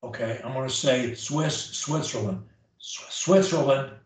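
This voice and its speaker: With a higher-pitched, expressive voice and a somewhat slow pace, a man runs a private speech-drill session, stressing his points and voicing each drill himself. The recording is distant and very echoey.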